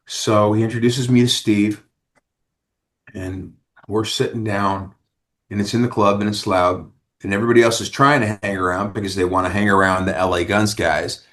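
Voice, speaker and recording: A man's voice: on the low side, moderate pace. A man, a rock singer, telling stories in a casual interview and acting out what others said. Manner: animated storyteller who acts out others' lines.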